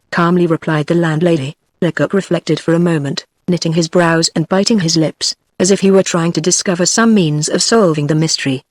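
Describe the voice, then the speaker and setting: A text-to-speech woman's voice with a British accent, narrating a classic novel in an even synthetic way. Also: lowish voice, brisk, hardly any pauses, dry recording. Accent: British English. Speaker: audiobook narrator. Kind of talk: text-to-speech book reading.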